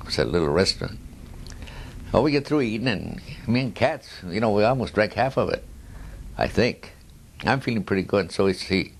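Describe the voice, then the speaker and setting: A man in his nineties tells war stories in a rambling oral history, chuckling at his own tales. His lowish, gravelly voice is animated and a little fast, and he keeps restarting sentences and trailing off into asides. There's slight background noise.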